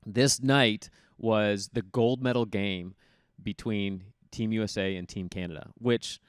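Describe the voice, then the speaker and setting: A man in his thirties tells stories in a relaxed interview. His voice is smooth and resonant and sits on the low side. He animates his anecdotes by acting out the people in them, recorded close and dry. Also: measured pace, dry recording. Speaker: guest, former college hockey player. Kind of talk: casual storytelling interview.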